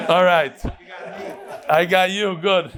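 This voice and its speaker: A man with a fairly high voice leads a daily Talmud lesson. He explains lightly and jokes often, dropping Hebrew and Aramaic terms into his English. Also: heavy background noise. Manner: lively, joking, mixes in Hebrew and Aramaic terms. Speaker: Talmud teacher.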